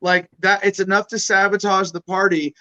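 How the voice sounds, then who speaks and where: A man's voice: sits high, flat delivery, moderate pace, pushed and bright, highs cut off. A man hosting a podcast in loose, blunt casual chat, rambling and swearing freely. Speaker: podcast host.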